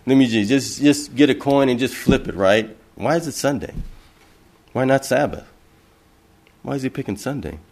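A man's voice: mid-range voice, animated, normal speed, long pauses, darkish tone. A man preaching an impassioned sermon, asking rhetorical questions and repeating phrases for emphasis.

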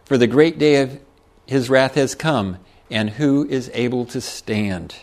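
A man's voice: medium pitch, unhurried, a little mellow. A man preaching a sermon, reading scripture aloud and explaining it in a folksy way with chuckles.

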